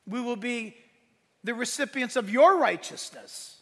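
A man's voice: extremely high pitch, lively intonation, a little slow. A man preaching a sermon as pastor, impassioned, swelling and dropping in force. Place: church sanctuary. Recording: long reverb of a large hall.

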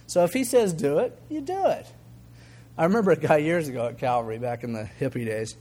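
An older man preaching a sermon as a pastor, talking conversationally and acting out the voices in his stories. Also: on the high side. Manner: conversational, animated, acts out quoted voices, chuckles. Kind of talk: sermon with storytelling.

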